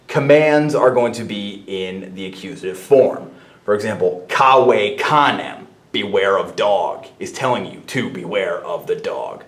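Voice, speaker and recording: Guy teaching a lesson real slow and methodical, lowish voice, echoey room. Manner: slow, methodical explaining, spelling out sounds. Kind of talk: spoken lesson. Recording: roomy echo.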